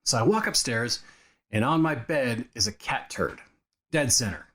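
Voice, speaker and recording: A man co-hosting a podcast, telling childhood stories in a casual, animated way and acting out the quotes. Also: mid-range voice, moderate pace. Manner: animated storyteller, acts out quotes. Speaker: podcast co-host. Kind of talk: casual chat, storytelling. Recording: studio recording of modest quality.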